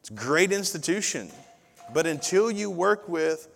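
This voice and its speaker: A man's voice: sits high, big pitch swings, measured pace, creaky. Man preaching a chatty sermon in a reverberant hall. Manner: conversational storytelling with sudden loud outbursts. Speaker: pastor. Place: church sanctuary.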